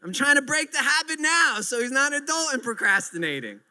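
High, bright-voiced preacher man. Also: sing-song, fairly quick. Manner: earnest, repetitive emphasis. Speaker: pastor. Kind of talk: sermon.

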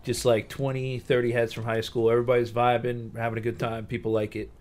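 A man guesting on a podcast, telling a rambling story in a relaxed, casual way. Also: mid-range voice, fast talker. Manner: laid-back, rambling with restarts.

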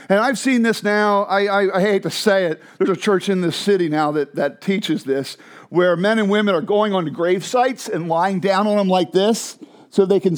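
A man preaching a sermon in an animated, conversational way with emphatic asides. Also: high voice. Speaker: pastor.

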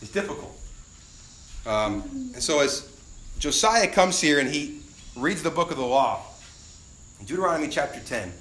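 A young adult man preaching a sermon as a pastor, animated and acting out the voices of people he quotes. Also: fairly high pitch, moderate pace, long pauses. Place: church sanctuary. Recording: roomy church recording.

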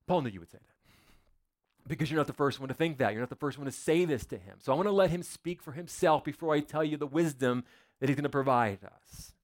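A pastor preaches to his church in a fairly high-pitched male voice. He keeps it loose and conversational, firing off rhetorical questions and slipping in jokes. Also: lively intonation, a little fast. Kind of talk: sermon.

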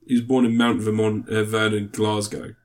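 A man's voice: lowish voice, flat delivery, normal speed. A man in his thirties chatting casually as a co-host, rambling and swearing, often breaking off mid-sentence. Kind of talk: casual chat.

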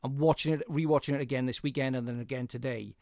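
A man's voice: medium pitch, fairly even intonation, fast talker, darkish tone, dry recording, studio quality. A man hosting a film podcast, chatting enthusiastically and rambling a bit. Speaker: podcast host. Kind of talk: casual film chat.

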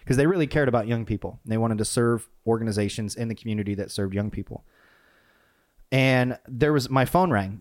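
A man casually telling a personal story about leadership, with frequent restarts and acted-out quotes. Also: lowish voice. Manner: conversational, animated retelling with many restarts.

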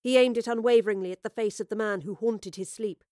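Woman narrator, measured, dramatic, mid pitch, dry close sound. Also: fairly even intonation, warm tone, no room sound. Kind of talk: scripted audio drama narration.

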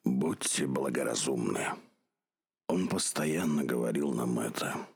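An actor playing an elderly man who recalls his strict father in a slow, reflective monologue, with a deep, husky voice. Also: no room sound, clean studio sound, heavily acted. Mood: reminiscing. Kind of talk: dramatic monologue in Russian.

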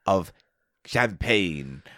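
Guy doing a posh old-school toff, pompous and slow, lower than his own voice. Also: animated, sharp tone, no echo, studio quality, heavily acted. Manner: pompous, drawn-out refined drawl. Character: posh old-fashioned upper-class gentleman.

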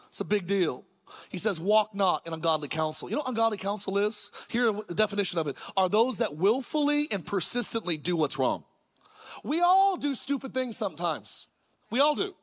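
A man, a pastor, preaching an energetic sermon in a church, with rhetorical questions and shouted lines. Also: high-pitched, normal speed. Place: church sanctuary.

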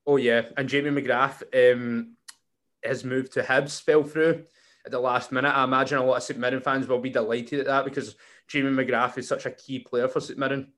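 A man's voice: medium pitch, flat delivery, fairly quick, a bit bright. A man hosts a casual football podcast. He rambles along, restarting sentences and filling gaps with ums and likes. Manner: rambling, with frequent fillers and restarts. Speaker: podcast host.

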